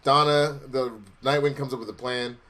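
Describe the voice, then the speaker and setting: A man's voice: medium pitch, steady tone, normal speed, pushed and bright. A man co-hosting a casual TV review, talking animatedly, laughing often and acting out scenes. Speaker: co-host reviewing a TV episode. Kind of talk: casual chat.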